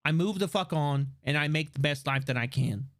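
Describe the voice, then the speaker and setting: A man hosting a live stream, talking in a casual, rambling, profane and animated way. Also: a little high, fairly quick. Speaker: livestream host. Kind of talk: casual livestream chat.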